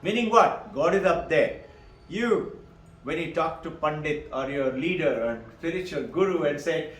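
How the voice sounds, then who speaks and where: A man's voice: a little high, normal speed. A man gives a teaching talk on Vedanta. He poses rhetorical questions and answers them himself, laughs between points and often adds "no?" as a tag. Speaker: spiritual teacher. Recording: echoey room, mic at a distance.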